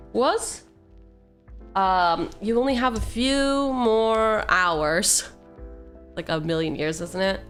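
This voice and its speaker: A woman streamer opens card packs and chats casually with her viewers, rambling, poking fun at herself and reading card text out loud. Her voice is a little high with a clean tone.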